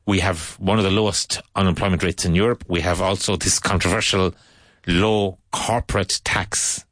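Irish man, very low voice, dry close sound, patient teacher, casual explanation. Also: fairly even intonation, fairly bright tone, no room sound. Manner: patient, explaining, pausing to search for words.

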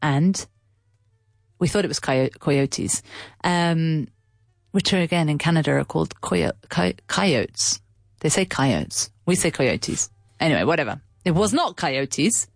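A woman's voice: deep voice, expressive, measured pace, creaky, no echo, clean studio sound. A woman telling a story in a casual, chatty way as an English teacher, stopping to explain words as she goes. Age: adult with a child.

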